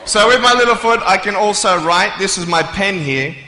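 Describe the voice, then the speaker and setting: A playful Australian man tells jokes and acts out scenes in a motivational talk to a live crowd. His voice sits high and comes across very bright and sharp. It rings through a large hall with a long, roomy reverb. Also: moderate pace, a little hiss or hum. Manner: playful, joking storyteller who acts out scenes. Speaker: motivational speaker. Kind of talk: humorous motivational speech. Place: large hall, on stage before an audience.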